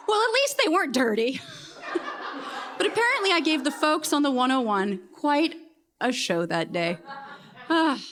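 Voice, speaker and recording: Wry high-voiced woman telling a story. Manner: wry, self-deprecating, deadpan punchlines. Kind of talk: comedic live storytelling.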